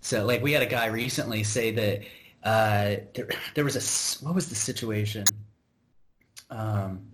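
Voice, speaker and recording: A man's voice: on the low side, measured pace, fairly bright tone. An American man hosting a podcast, telling a work story in a rambling, exasperated way with many restarts and asides. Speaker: podcast host. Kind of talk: casual conversational storytelling.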